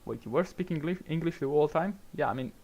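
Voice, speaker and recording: A young Italian man with an Italian accent casually commentates his racing game stream, rambling and chatty with frequent restarts and little laughs. His voice is fairly high and a little mellow, with lively intonation and a quick pace.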